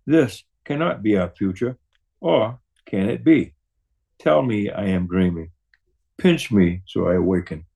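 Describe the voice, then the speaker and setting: Slow, grave male poetry reader. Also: fairly low pitch, lively intonation, vocal fry, dark tone, breathy edge. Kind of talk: slow solemn poetry recitation.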